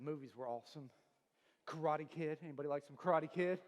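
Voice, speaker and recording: A man's voice: fairly high pitch, brisk. A pastor in his forties giving a humorous sermon, joking, quizzing the crowd and laughing often. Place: large church auditorium. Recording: long reverb of a church hall.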